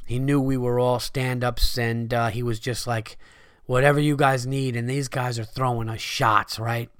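A man hosting a podcast, telling a story casually, animated and swearing freely, loudly acting out his friends' lines. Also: medium pitch, normal speed, smooth, no room sound, clean studio sound. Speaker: podcast host.

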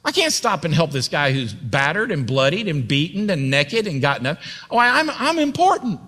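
A man's voice: on the high side, sing-song, moderate pace, bright, forceful tone, in a large hall, heavily acted. A man playing a haughty, self-absorbed priest who thinks himself too important to help, in a sermon.

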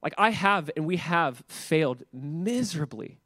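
Conversational male pastor preaching, slightly high voice. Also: animated, measured pace, a bit bright, no room sound, clean studio sound. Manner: conversational, repeats words, many filler 'like's. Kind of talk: sermon.

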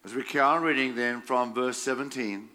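A man's voice: mid-range voice, steady tone, sharp tone. A man preaching a sermon, reading scripture aloud and adding his own emphatic remarks with frequent chuckles. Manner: slow, emphatic delivery with chuckles.

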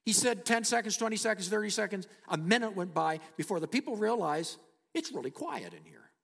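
A man preaching a sermon as he retells a story, emphatic, with dramatic pauses and sudden hushed drops. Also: high-pitched, sing-song, gravelly. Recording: long hall reverb.

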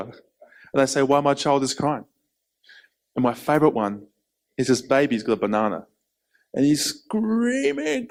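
A man preaching a sermon in an animated way, acting out quoted voices. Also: mid-range voice. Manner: animated, acts out quotes, laughs between points.

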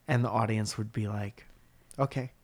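A man's voice: medium pitch, normal speed. A man in casual conversation, telling a comic story with plenty of swearing. He slips into the voices of the people he quotes as he goes. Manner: profane, animated storyteller acting out quotes.

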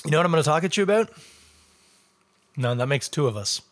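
A man's voice: a little high, expressive, fast. Rambling, chatty man. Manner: rambling, chatty, with joking asides. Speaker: beer reviewer. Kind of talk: casual livestream chat.

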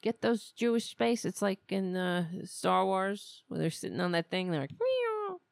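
A woman's voice: on the low side, normal speed, creaky, clean tone, no room sound, clean studio sound. A woman hosting a podcast, giving sarcastic, mocking, profane political commentary. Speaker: podcast host.

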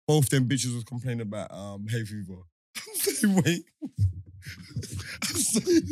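Young guy telling a story, lots of laughing, gets loud and excited, dry sound. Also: on the high side, unhurried, pauses often, no echo. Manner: animated storyteller, laughing often, rising to near shouts. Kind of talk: casual chat.

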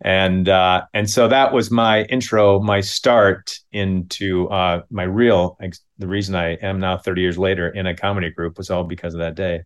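A man in his fifties from Minneapolis, telling a comic story in a halting, self-deprecating way with many restarts. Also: low-pitched, fairly even intonation. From Minneapolis, United States.

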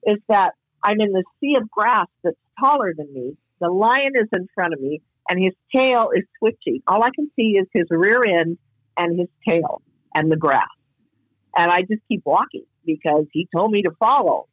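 A woman's voice: fairly low pitch, expressive, normal speed, dry recording, muffled recording. A woman guest telling a reflective personal story in casual podcast talk, heard over a call. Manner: earnest, reflective, spiritual storyteller.

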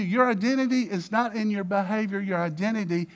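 A man preaching a sermon with lots of energy, acting out little dialogues and swinging between loud bursts and hushed passages. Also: high-pitched, fairly quick. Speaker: pastor.

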